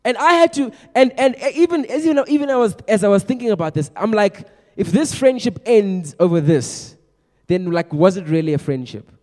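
A young man preaching to a youth group in a chatty, energetic way, often repeating his words. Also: high voice, normal speed. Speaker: youth pastor. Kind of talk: youth sermon. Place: large room with a youth audience. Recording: long echo of a large hall.

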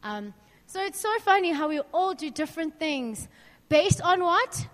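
A young woman with a high, bright-pitched voice talks to a group about faith in a chatty, candid way. She keeps asking the room questions and draws on her own stories. Her voice rings out with a long reverb, as if in a large hall. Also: big pitch swings, a little slow. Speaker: youth speaker. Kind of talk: informal faith talk to a group.

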